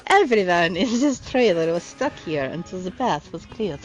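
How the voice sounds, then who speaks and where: A woman's voice: on the low side, very animated, normal speed, faint music behind. A woman reading video game dialogue aloud in playful, silly put-on accents and giggling often. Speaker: game streamer.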